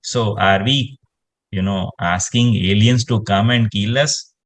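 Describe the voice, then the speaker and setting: A man's voice: lowish voice, measured pace. A man, explaining space science in casual conversation and rambling with lots of "you know" fillers.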